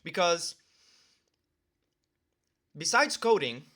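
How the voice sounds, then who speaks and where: A man's voice: fairly high pitch, very animated, drawn-out words, bright, forceful tone, slight background noise. Rambling young man chatting over lunch. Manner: rambling, filler-heavy, talks with his mouth full. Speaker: vlogger. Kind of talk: casual talk to camera while eating lunch.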